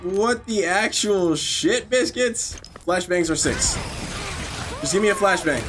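Gamer guy, high swooping voice, slow delivery, sarcastic shouting, noisy recording. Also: music in the background. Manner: loud swearing outbursts at the game. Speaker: gameplay streamer. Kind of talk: excitable let's-play commentary.

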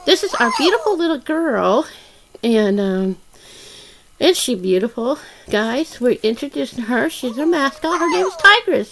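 High sing-song woman cooing at a kitten. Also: very animated, normal speed, background noise. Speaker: doll channel host. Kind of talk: doll play vlog.

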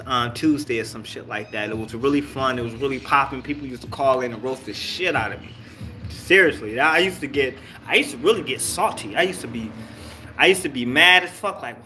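A man's voice: medium pitch, sharp tone, slight background noise. A man hosting a casual livestream, chatting loosely with viewers, teasing and cursing freely. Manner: loose, profane, teasing banter with chat. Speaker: livestream host.

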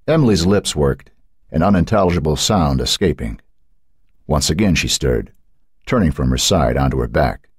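Deep husky guy reading a novel aloud, lively, dry close sound. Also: moderate pace, no echo. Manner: expressive reading. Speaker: audiobook narrator. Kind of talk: scripted narration.

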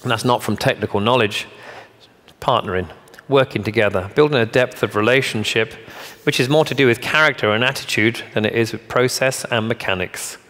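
A man speaks briskly at a medium pitch with a slightly bright tone, giving a motivational keynote. Long reverb from the large conference hall follows his punchy, emphatic lines, jokes and rhetorical questions.

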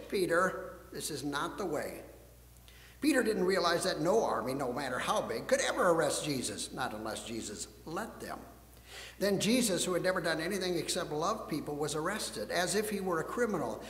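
A male pastor reading a Bible story aloud and preaching, an expressive storyteller who moves between hushed and emphatic delivery. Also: high voice. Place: church sanctuary. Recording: echoey church hall.

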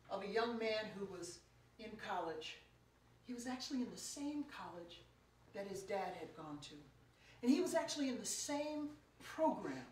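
A woman preacher giving a storytelling lecture, animated and playful with her audience. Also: a little high, slight background noise. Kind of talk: sermon-style storytelling lecture. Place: lecture room. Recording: echoey room, picked up from a distance.

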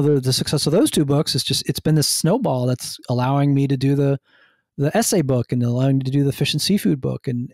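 A man's voice: mid-range voice, vocal fry, darkish tone, no room sound, studio quality. A man from New Jersey, a guest on a podcast interview, talking enthusiastically and rambling with many restarts. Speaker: guest, food writer and hunter.

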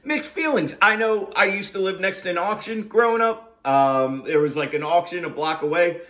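A man's voice: high voice, fairly even intonation, moderate pace, fairly bright tone, dull audio. A middle-aged man from New Jersey, hosting a casual morning monologue full of profane, sarcastic rants. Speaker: host of a morning talk session.

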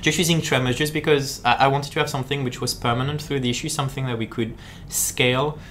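A man giving live-stream commentary while playing, chatty and jokey. He often stalls on fillers and repeats small words before getting the thought out, at an even middle pitch. Faint ambient noise sits behind him. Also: quick pace. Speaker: game designer.

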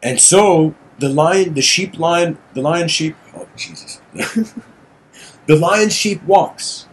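A man's voice: on the high side, takes it slowly, rough recording. A man lecturing in a casual, meandering storytelling way. He often restarts phrases and adds "you know".

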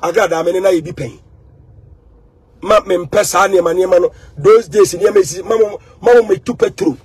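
Husky high-voiced Ghanaian man ranting. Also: fairly quick, darkish tone. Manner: emphatic and repetitive, mixing in English phrases. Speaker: social media commentator. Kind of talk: animated monologue.

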